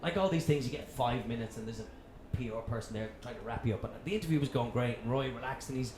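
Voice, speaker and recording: An Irish man, a radio presenter guesting on a live comedy chat show, telling animated stories and swearing freely. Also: mid-range voice, fast. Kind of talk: live anecdotal storytelling. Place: comedy club venue with live audience. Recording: echoey club room with audience noise.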